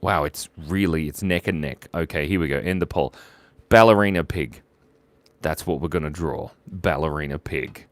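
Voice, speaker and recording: A man's voice: very deep voice, normal speed, few pauses, dry recording. A man hosting a live drawing stream, joking playfully and narrating each stroke as he draws viewers' ideas. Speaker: livestream drawing host.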